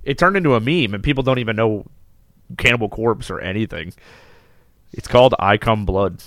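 A man co-hosting a podcast, chatting casually and cracking deadpan, crude jokes. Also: lowish voice, brisk.

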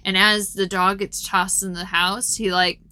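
A woman's voice: mid-range voice, flat delivery, measured pace, bright, forceful tone, clear, resonant tone. A woman retelling a film's plot in a casual, rambling chat with frequent ums. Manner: chatty and rambling, lots of ums.

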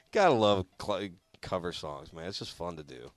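Man, very deep voice, lively swinging delivery, rambling casual radio chat, self-mocking. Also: no room sound. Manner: rambling, self-mocking, swears and laughs often. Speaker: radio show host.

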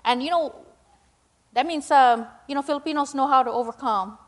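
At a church talk, a middle-aged woman who is a school principal walks through her slides in a high-pitched voice at normal speed. She rambles conversationally, leaning on fillers and tag questions.

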